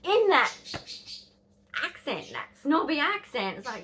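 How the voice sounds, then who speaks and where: A woman's voice: high-pitched, very animated, measured pace, long pauses, fairly bright tone, slight background noise. An Australian woman in her fifties telling a rambling, blunt story to camera, swearing and dropping into whispers. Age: 50s. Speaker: vlogger.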